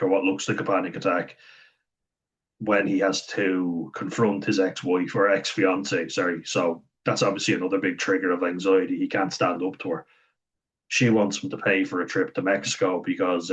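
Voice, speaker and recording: A man's voice: low voice, muffled recording. A man giving a chatty, meandering spoken review of a TV series, retelling scenes as he goes. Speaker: show reviewer.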